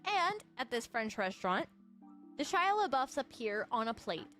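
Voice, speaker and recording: A woman streamer chatting casually to her viewers, bubbly and excitable with sudden shrieking outbursts. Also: on the high side, normal speed, faint music behind.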